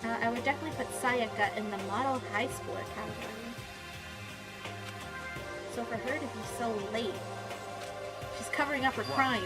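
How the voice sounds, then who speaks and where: Young woman, fairly high voice, excitable game streamer, laughs and shouts, game music behind. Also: brisk, long pauses. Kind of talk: game playthrough commentary, reading dialogue aloud.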